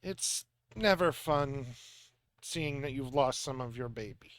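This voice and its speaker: A man's voice: mid-range voice, slow, close to an everyday voice. A man voicing a fussy, doting middle-aged mother in a put-on vague Eastern European accent, scolding and fretting.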